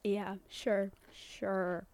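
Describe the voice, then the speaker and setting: A woman's voice: mid-range voice, flat delivery, drawn-out words, a little mellow, slight background noise. A young woman co-hosting a podcast over a video call, holding a mic in her hand, giggly and playful. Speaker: podcast co-host. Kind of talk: casual chat. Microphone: handheld mic on a video call.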